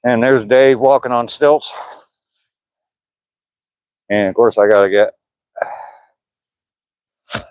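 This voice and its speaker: Speaking slowly with frequent pauses, this older Georgia man has a medium-pitched, fairly even voice with a darkish, clean tone and no room sound. He's a vlogger livestreaming a walk past pine woods, phone camera in hand, rambling easygoingly in his Southern accent, chuckling and reading the chat aloud to viewers.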